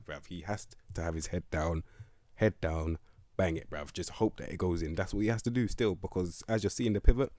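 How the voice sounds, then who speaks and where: A man's voice: low-pitched, dark tone, no room sound, studio quality. A young man giving blunt, slang-heavy commentary on a football management game. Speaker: gaming video host.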